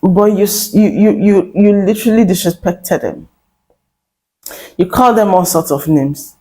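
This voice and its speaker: A woman's voice: medium pitch, normal speed, mellow, low-quality recording. Woman, online commentary host, emphatic, repeats herself, mocking tone. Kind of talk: direct-to-camera commentary.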